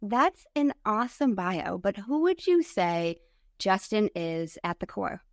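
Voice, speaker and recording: An upbeat woman hosts a podcast interview, eager and enthusiastic in her questions. Her voice is mid-pitched and recorded dry and close, with no room echo. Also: big pitch swings, a little slow. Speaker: podcast host.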